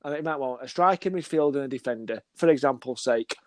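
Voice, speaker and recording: A man's voice: mid-range voice, fast, dry recording. A man, chatting casually as a football scout and acting out little conversations as he tells stories. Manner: animated storyteller, acts out dialogue. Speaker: football scout, podcast guest. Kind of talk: casual chat.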